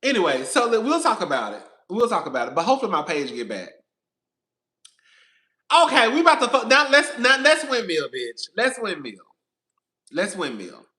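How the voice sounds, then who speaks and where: A high-sitting male voice, pushed and bright, swoops all over the place at a fairly quick clip. The speaker hosts a reality TV commentary channel and is on a casual live stream, addressing viewers directly in a sassy, foul-mouthed, rambling way.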